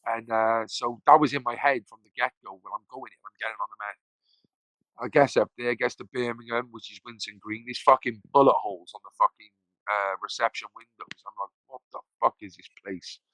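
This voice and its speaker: A man's voice: mid-range voice, steady tone, a little fast, bright, forceful tone, no room sound, low-quality recording. A man, a podcast guest telling his story casually, rambling, swearing freely and acting out the voices of people he quotes.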